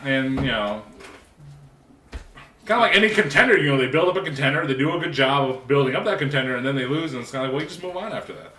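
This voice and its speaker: A male podcast co-host talking in a loose, rambling way, full of crude jokes. His pitch swings widely and his tone is bright. He sits back from the mic in an echoey room with faint noise behind him. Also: lively intonation, fast, far from the mic. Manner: rambling and crude, joking often. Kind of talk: casual chat.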